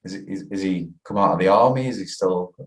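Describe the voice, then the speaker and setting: Host in casual chat: man, very low voice, quick laughs, echoey room. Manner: laughs easily, asks questions. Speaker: podcast host.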